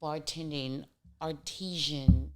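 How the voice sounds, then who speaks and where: A woman's voice: low voice, fairly even intonation, slow pace, background noise. A woman, a podcast guest in casual chat, earnest and emphatic, repeating her points for weight.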